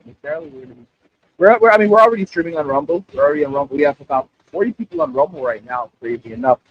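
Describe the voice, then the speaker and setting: Rapid-fire and fairly high in pitch, a man runs a livestream, animated and casual as he repeats himself and talks right to his chat. The recording has its highs cut off plus a little hiss or hum.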